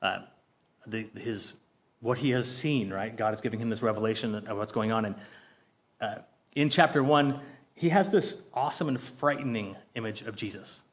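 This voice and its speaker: A man's voice: lowish voice, normal speed. A man in his fifties leading a casual Bible study. He talks earnestly and from the heart, with plenty of fillers and restarts. He reads scripture aloud and puts questions to the group.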